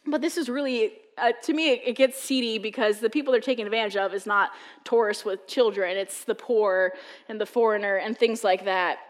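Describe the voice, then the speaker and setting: Speaking a little fast in a fairly high voice, an East Coast American preacher delivers a casual sermon full of humorous stories. She's chatty and says "like" a lot, and her voice trails off into a long reverb tail.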